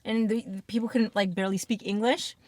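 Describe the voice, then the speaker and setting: A woman's voice: medium pitch, fairly even intonation, fairly quick, no room sound, studio quality. A woman chatting casually on an eating show, telling rambling, giggly stories. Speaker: podcast co-host. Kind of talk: casual chat while eating.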